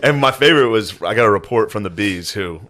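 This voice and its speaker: A man's voice: on the low side, animated, fast talker, a bit bright, a little hiss or hum. A man co-hosting a comedy podcast, teasing and profane, breaking into laughter as he tells stories. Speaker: podcast co-host. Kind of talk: casual comedic banter. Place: podcast studio.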